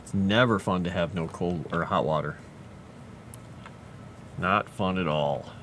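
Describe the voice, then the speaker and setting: A man's voice: low voice, measured pace, fairly bright tone, a little hiss or hum. A man chatting casually on a livestream, talking fondly to his pet and his viewers. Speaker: livestreamer and fantasy lore writer.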